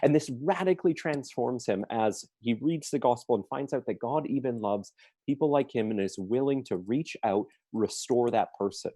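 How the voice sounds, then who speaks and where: A man's voice: mid-range voice, normal speed, dark tone, no room sound. A man answering questions at a forum, telling a story earnestly with emphatic stresses.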